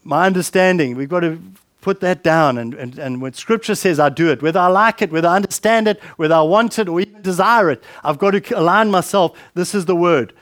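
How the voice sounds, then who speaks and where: Preacher, male, high-pitched, chatty sermon delivery full of questions, dry recording. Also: no room sound. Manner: conversational, repeats words, asks questions.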